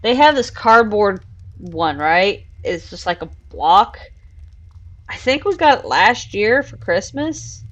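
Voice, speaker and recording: A woman's voice: medium pitch, expressive, takes it slowly, muffled recording. A woman hosting a casual live stream, chatting and laughing while she builds in a virtual world and coos at her cats. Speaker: streamer and show host.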